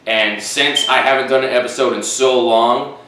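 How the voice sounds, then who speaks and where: A man's voice: medium pitch, fairly even intonation, moderate pace, pushed and bright, heavy reverb, recorded from a distance, poor audio. A man hosting a casual solo podcast in his living room. He rambles, swears freely and corrects himself as he goes. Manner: profane, rambling, self-correcting. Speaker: podcast host. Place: living room with fish tank and fan. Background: fish tank, fan, dogs outside.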